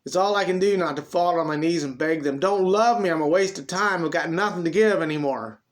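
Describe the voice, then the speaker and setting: A man voicing a proud old cowboy who fears growing old and useless, talking gruffly with emotional outbursts. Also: on the high side, a little fast, pitched above the performer's own voice, lightly acted. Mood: bitter.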